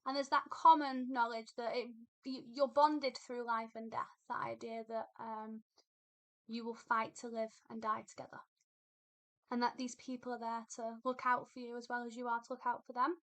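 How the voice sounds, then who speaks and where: Bright, high-voiced woman teacher. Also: flat delivery, moderate pace. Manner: explains patiently, thinking aloud with fillers and repetitions. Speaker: English literature teacher. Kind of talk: recorded poetry lesson.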